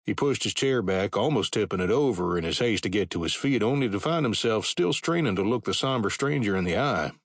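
Low-voiced male audiobook narrator. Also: animated, fairly quick, few pauses, slightly rough, dry recording, clean studio sound. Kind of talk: scripted narration.

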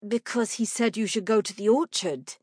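A woman's voice: medium pitch, moderate pace, a little mellow, husky, no echo, studio quality, natural voice. A woman reading aloud, voicing a stubborn, proper ten-year-old girl who speaks primly and argues firmly. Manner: prim, firm and argumentative.

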